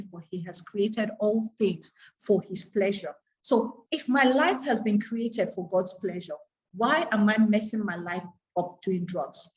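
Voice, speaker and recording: A woman's voice: a little high, low-quality recording. A woman giving an earnest, faith-based teaching talk on peer pressure, asking her audience rhetorical questions. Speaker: course speaker on peer pressure.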